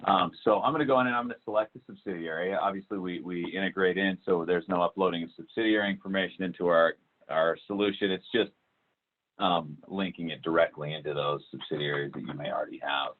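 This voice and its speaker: A man walking through a software demo in a webinar, talking with many fillers and restarts. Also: low voice, quick pace. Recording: tinny phone-like call audio.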